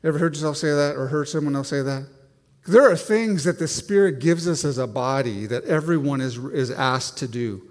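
Rich: A man with a fairly high voice preaches a sermon. He tells self-deprecating stories and often restarts his sentences. His voice carries a long reverb, as if he is speaking in a large church. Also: normal speed.

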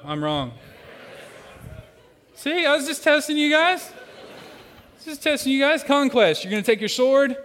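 In a large church sanctuary with long hall reverb, a pastor speaks in a high, slightly bright voice. He leads the congregation through a playful participation exercise, joking and coaching them as he teaches.

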